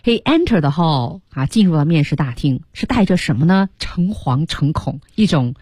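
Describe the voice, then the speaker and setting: Radio teacher lady, lowish husky voice, swings up and down a lot, explains stuff animatedly. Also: normal speed, no echo. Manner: animated explaining, drops English words into her talk. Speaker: radio English teacher, host. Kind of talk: bilingual radio lesson. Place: radio studio.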